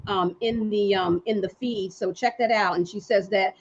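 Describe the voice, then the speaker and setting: A woman's voice: mid-range voice, steady tone, moderate pace, muffled recording. Woman host reading out viewer comments. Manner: reads out viewer comments, many fillers. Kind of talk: hosting a live online discussion.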